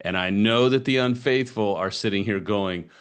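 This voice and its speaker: A man's voice: on the low side, normal speed, smooth. A man hosting a podcast interview, encouraging and affirming his guest. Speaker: podcast host. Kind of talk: casual interview chat.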